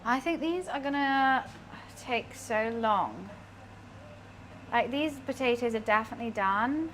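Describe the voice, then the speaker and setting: A young woman with a slight lisp chats playfully as she cooks live for her stream. Her voice sits a little high, and a faint room hum runs underneath. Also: lively intonation, unhurried, fairly bright tone. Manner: chatty, playful, talks to chat while cooking. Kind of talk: casual cooking stream chat.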